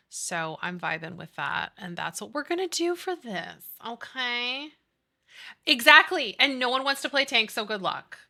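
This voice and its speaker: A chatty woman streamer with a very bright, tense edge to her voice. She talks casually and upbeat while she plays, reads her chat and answers it. Her pitch sits in a middle range for a woman. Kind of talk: casual chat while playing a building game.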